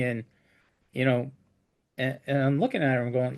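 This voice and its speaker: A man's voice: mid-range voice, moderate pace, long pauses. A man who works as a flooring contractor, telling job stories in a casual chat and restarting his sentences often. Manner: storytelling with frequent restarts.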